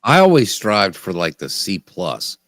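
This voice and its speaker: Deep-voiced wisecracking man. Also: wildly swooping pitch, unhurried, a bit bright, dry recording, clean studio sound. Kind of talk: casual group chat.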